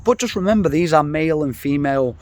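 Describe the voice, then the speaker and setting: A man's voice: fairly high pitch, animated, fast, darkish tone, no room sound. Middle-aged guy ranting away on his vlog, blunt and sweary, rambles a lot. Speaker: vlogger. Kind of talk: casual rant to camera.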